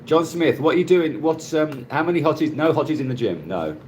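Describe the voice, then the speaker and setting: Man, middle-aged, casual live stream host, lively up-and-down voice, faint background hum. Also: a little high, brisk. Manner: chatty, greets viewers by name, laughs often. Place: Cebu, Philippines. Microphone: phone.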